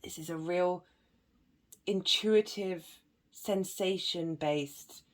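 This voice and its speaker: Slow, low-voiced woman giving a tarot reading. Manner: gentle and meandering, with many ums and soft laughs. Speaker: tarot and astrology reader. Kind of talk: slow, reflective spiritual reading to viewers.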